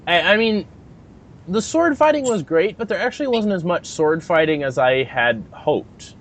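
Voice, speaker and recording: A man's voice: high voice, animated, normal speed, fairly bright tone, slight background noise. A man co-hosting a podcast in casual chat, talking hesitantly with many fillers and restarts. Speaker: podcast co-host.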